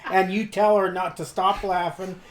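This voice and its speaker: A man playing a cocky tomcat adventurer in a tabletop game, loud and pushy with crude bragging advice and a pitch set a little high. There's a faint hiss of background noise behind him. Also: flat delivery, normal speed, lightly acted. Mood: boastful. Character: brash lewd male tomcat adventurer.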